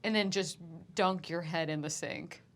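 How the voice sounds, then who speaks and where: A woman's voice: fairly low pitch, measured pace, fairly bright tone. A woman player at a tabletop game, chatting eagerly and laughing often. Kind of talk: casual play at a tabletop game.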